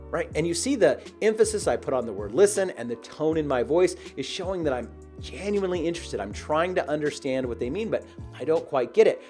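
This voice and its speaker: A man teaching as a sales coach, talking energetically and leaning hard on key words, often checking in with "right?". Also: mid-range voice. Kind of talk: instructional video talk.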